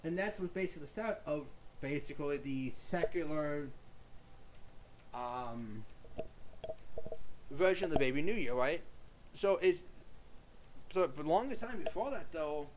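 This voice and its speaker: High-voiced man rambling chattily. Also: animated, measured pace, long pauses, background noise. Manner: rambling, chatty, many fillers and restarts. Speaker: YouTube creator. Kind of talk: casual storytelling monologue. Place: at home.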